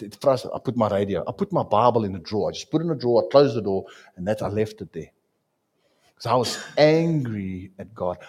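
A man preaching a sermon as a pastor, with dramatic swings in pitch and loudness. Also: breathy edge.

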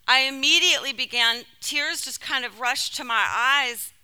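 A woman from California delivering a sermon by telling a personal story in an animated, emotional way. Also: high-pitched, moderate pace, few pauses, smooth. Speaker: speaker.

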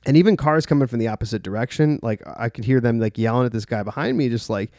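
A man's voice: medium pitch, quick pace, darkish tone, dry recording. Rambling young man, dry close sound. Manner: rambling, heavy use of "like", profane. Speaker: storyteller. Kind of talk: casual personal anecdote.

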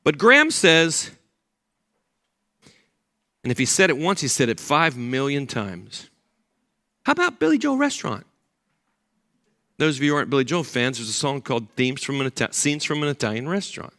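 An older man preaching a sermon as pastor, an animated storyteller who acts out the voices of people in his stories. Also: mid-range voice, fairly quick.

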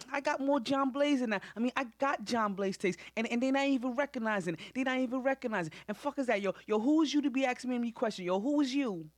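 A man's voice: extremely high pitch, pitched above the performer's own voice. A man voicing an angry, broke young male podcaster who rambles and curses in street slang in a comedy sketch. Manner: rambling, cursing, repeats himself.

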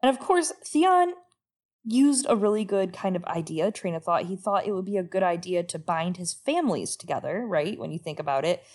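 A woman co-hosting a casual podcast, talking about a book in a relaxed way. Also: moderate pace. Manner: relaxed, reads quotes in a low put-on voice. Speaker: podcast co-host.

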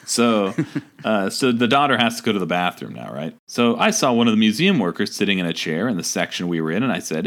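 A man's voice: lowish voice, big pitch swings, fairly quick, a bit bright. A man co-hosting a comedic podcast, reading a review aloud with lots of laughter and acted-out quotes. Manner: laughs often, acts out quoted lines. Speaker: podcast co-host.

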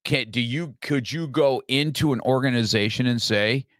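A middle-aged man hosting an interview in a brash, animated, direct way. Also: mid-range voice, normal speed, no room sound, studio quality. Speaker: podcast host. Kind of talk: conversational interview.

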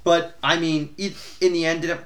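A young adult man co-hosting a podcast, chatting casually about sports in a rambling, swearing, animated way. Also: a little high, normal speed. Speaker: podcast co-host.

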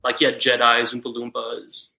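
A man's voice: mid-range voice, moderate pace, gravelly, low-quality recording. A young man in his twenties from Texas, a podcast guest telling rambling casual stories full of fillers. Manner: relaxed, rambling storytelling with many fillers. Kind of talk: casual chat.

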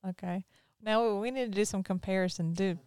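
Host: woman, Southern accent with Northern touches, mid pitch, crisp, chatty. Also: a little fast, darkish tone, no room sound, studio quality. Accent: Mississippi Southern with some Northern. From Mississippi. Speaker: podcast host. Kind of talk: casual chat.

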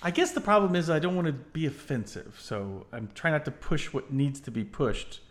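A man's voice: a little high, normal speed. A man hosting a podcast quiz game in casual chat, playful and laughing often. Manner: playful, laughing often, acts out movie lines.

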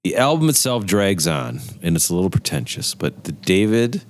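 Deep-voiced man musing casually. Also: sing-song, moderate pace. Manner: thinks aloud, weighs pros and cons. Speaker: podcast co-host. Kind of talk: casual chat.

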